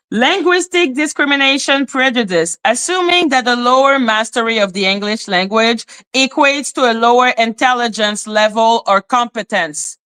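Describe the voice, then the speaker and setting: A woman's voice: fairly high pitch, a bit bright. A woman from Canada with a French accent, hosting a livestream commentary in a blunt, profane, indignant way. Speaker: commentary channel host.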